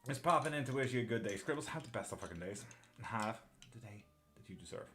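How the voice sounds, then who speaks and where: A Swedish man with a patchy mix of Irish and British accents chats casually on a live tarot stream from his home setup in England, swearing offhand and laughing while reading viewers' messages. His medium-pitched voice is fast, bright, and forceful, with lively intonation over soft background music.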